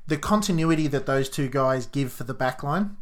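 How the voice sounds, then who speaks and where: A man's voice: medium pitch, lively intonation, moderate pace. A man with an Australian accent co-hosting a podcast, reading listener questions and giving his own football opinions. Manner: chatty, reads out listener questions. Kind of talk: casual footy chat.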